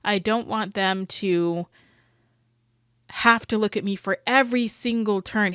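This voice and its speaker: A woman's voice: medium pitch, steady tone, normal speed, a bit bright, smooth, no room sound, clean studio sound. A woman dog trainer giving rambling, opinionated reaction commentary full of hedges.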